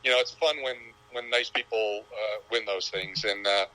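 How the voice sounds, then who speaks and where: A man's voice: lowish voice, fairly even intonation, moderate pace, bright, forceful tone, rough recording. A man in his sixties, a golfer guest in an interview, talking in a rambling, reflective storytelling way. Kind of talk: casual interview chat.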